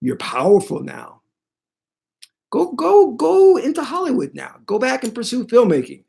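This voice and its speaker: A man's voice: very high voice, wildly swooping pitch, unhurried, gravelly, darkish tone, breathy edge, voice pushed up, full character voice. A man voicing a mysterious male spirit guide who bargains and teases. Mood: coaxing.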